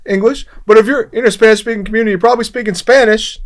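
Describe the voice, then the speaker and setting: A man's voice: sits high, steady tone, rapid-fire. A man in a casual podcast discussion who makes emphatic points and asks leading questions.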